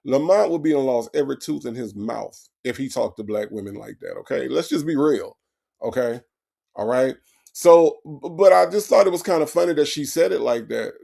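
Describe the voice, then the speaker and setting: A man hosting a casual comedic commentary, animated and talking back to his chat. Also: medium pitch, moderate pace, gravelly. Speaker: commentary host.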